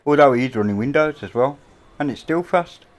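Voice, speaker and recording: A middle-aged man with an English accent, hosting a casual livestream chat from a home, rambling and offhand with casual swearing, on a boom-mounted mic. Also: animated, normal speed. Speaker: livestream host. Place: indoors at a home. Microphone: boom-mounted microphone.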